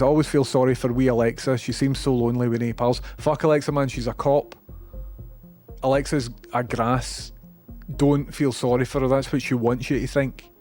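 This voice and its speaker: A man's voice: medium pitch, darkish tone. A man with a Scottish accent chatting casually on a livestream, rambling, sweary and self-deprecating.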